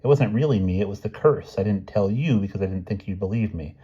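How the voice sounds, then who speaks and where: A man's voice: lowish voice, fast talker, mellow, husky, dull audio. A man reading as a nervous teenage boy. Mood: earnest. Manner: anxious, earnest.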